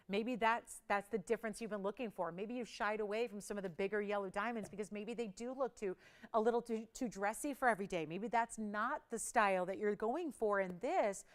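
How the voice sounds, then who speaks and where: A woman's voice: mid-range voice, brisk. A woman hosting a live TV jewelry shopping show, counting prices down in an upbeat, persuasive sales patter.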